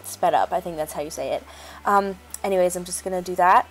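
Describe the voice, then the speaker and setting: A woman's voice: on the low side, a little fast, faint music behind. A woman chatting casually as she narrates a makeup tutorial, rambling with lots of fillers. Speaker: beauty vlogger.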